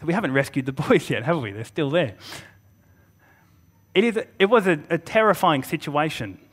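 A man preaching a Good Friday sermon in an earnest manner, pausing for emphasis and sometimes restarting a phrase. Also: a little high, animated, a bit bright.

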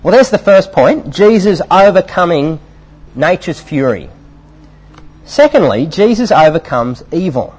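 A man delivering a sermon, animated and emphatic. His pitch swings widely and sits a little high. The voice is husky. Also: unhurried, lo-fi sound. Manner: animated, emphatic preaching with fillers. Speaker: preacher.

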